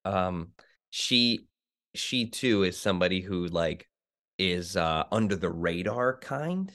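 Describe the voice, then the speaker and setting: A middle-aged man from New Jersey, a Broadway actor being interviewed, telling stories in an animated way and acting out the voices of the people he quotes. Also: low voice, takes it slowly. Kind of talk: conversational interview.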